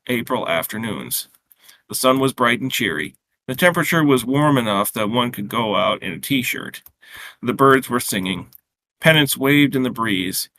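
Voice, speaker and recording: A man reading his own short story aloud in a steady, unhurried way, with small slips and restarts. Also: medium pitch, slight background noise.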